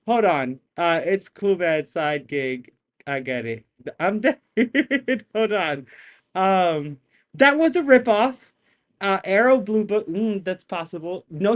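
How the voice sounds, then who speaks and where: A man hosting a casual live reaction stream from his home setup, excitable and rambling, swearing as he rants into a desk mic. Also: high-pitched. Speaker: livestream reaction host. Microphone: desk microphone.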